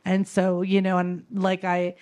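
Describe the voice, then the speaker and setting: A woman's voice: lowish voice, completely flat delivery, measured pace, darkish tone. A woman sharing her spiritual experience at a gathering, earnest and tender, rambling with frequent fillers. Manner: rambling, full of "you know" fillers.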